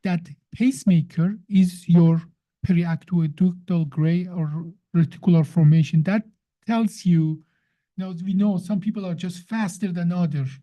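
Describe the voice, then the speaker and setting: Dark-voiced woman explaining science. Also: fairly low pitch, measured pace. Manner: emphatic, teacherly, asks the listener questions. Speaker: science guest explaining the brain. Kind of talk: explanatory conversation.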